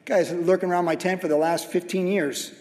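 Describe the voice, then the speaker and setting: A man's voice: high-pitched, steady tone, brisk, a little mellow, close to an everyday voice. A man voicing a biblical father who wryly schemes about his daughter's persistent suitor. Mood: exasperated. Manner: wry, conspiratorial musing. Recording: reverberant hall.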